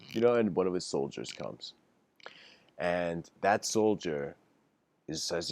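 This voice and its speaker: Low-voiced man telling a story casually. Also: a little slow, pauses often. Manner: casual, laughs often, many fillers and restarts; acts out characters' lines in quoted voices. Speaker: lecturer. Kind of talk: informal storytelling lecture.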